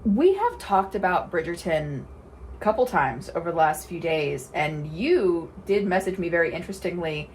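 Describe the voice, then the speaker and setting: Brief: woman in her twenties, slightly low voice, playful podcast co-host, faint hiss behind. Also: sing-song, moderate pace. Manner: chatty, laughs often, playful. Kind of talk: casual chat.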